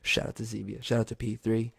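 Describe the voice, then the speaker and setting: A young man hosting his own podcast, telling a funny story solo in a loose, profane way, now and then jumping into high yelps. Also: fast, gravelly, breathy edge, no echo, clean studio sound. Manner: animated, swears a lot, jumps into high squeaky yells for emphasis. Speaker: podcast host.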